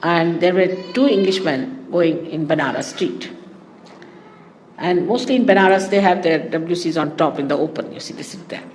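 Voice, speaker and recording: A woman's voice: fairly low pitch, moderate pace, darkish tone. A woman speaks as a spiritual teacher addressing her followers. She tells stories and wanders off into asides along the way. Her voice rings through a large reverberant hall over a faint hum of background noise. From India. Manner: anecdotal, digressive storytelling with asides. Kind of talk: spoken talk to followers.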